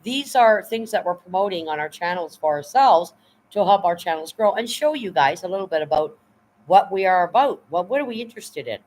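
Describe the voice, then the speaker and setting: A woman's voice: lowish voice, expressive, fairly quick, darkish tone, low-quality recording. A woman hosting her live stream in casual chat, blunt and profane, rambling as she reads and answers her chat. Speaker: livestream host.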